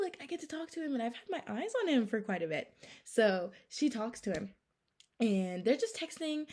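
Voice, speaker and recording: Casting: casual woman storyteller, mid-range voice, very lively pitch, chatty with lots of filler. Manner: chatty, heavy use of "like" and "okay?".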